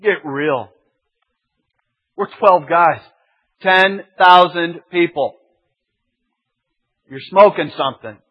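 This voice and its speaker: A man voicing exasperated male disciples who argue loudly and practically about feeding a crowd. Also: high voice, takes it slowly, long pauses, pitched above the performer's own voice. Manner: loud, incredulous, pleading. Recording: dull lo-fi sermon recording.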